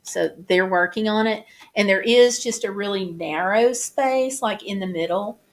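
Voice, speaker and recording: A woman vlogger talking casually, halting and restarting as she describes flood damage. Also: medium pitch. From United States. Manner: chatty, halting, many restarts and fillers. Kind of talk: casual chat over photos.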